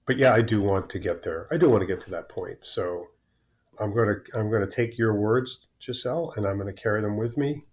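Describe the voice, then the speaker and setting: A man's voice: lowish voice, fairly quick, a little mellow. A man in his sixties, a podcast guest telling personal stories openly, often restarting and repeating words. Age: 60s. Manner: open, rambling, repeats words. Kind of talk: candid conversational storytelling.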